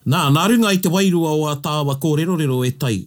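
A man from New Zealand with a New Zealand accent, co-hosting a casual bilingual chat in a playful, animated way. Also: on the high side, very fast. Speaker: co-host.

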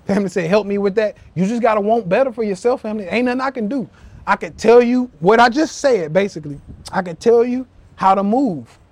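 A high-pitched young man delivering a fired-up motivational rant on a live stream. He swears freely and preaches at his followers, calling them family. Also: fairly quick, a little mellow. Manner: profane, preachy, addresses listeners as family. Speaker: podcast host. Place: live social media stream.

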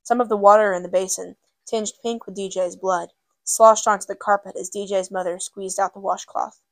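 A woman narrating a novel in a measured, steady way, in audiobook style. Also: mid-range voice, no echo.

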